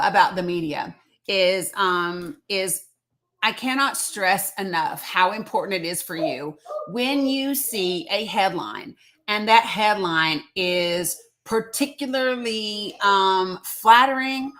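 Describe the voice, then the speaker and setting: In a slow, medium-pitched voice with a bit of brightness, a middle-aged woman runs a casual phone livestream from home. Chatty and emphatic, she says hello to viewers by name and repeats what she's saying.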